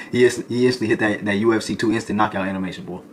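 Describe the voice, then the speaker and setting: A young adult man, a streamer, telling a comedic storytime in an animated, slangy way, peppering his lines with "boy" and "folk". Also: on the low side, quick pace, a little hiss or hum.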